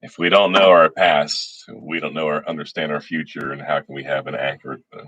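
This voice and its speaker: This middle-aged state senator's very deep voice comes across flat, brisk, and a little bright, with no room sound. Hosting a livestream, he casually calls out viewer names in a folksy fashion and keeps restarting.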